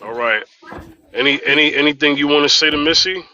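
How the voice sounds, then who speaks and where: A man hosting a live-stream panel, speaking casually and haltingly with many fillers. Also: fairly high pitch, pushed and bright, dull audio. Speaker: host.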